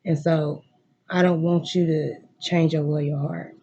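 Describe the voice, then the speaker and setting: A tarot reader in a home room does a card reading, speaking straight to viewers in an emphatic, emotionally intense way, repeating lines of encouragement and swearing freely. The voice is mid-range, creaky, and warm, with little pitch movement and a slow pace, on lo-fi sound.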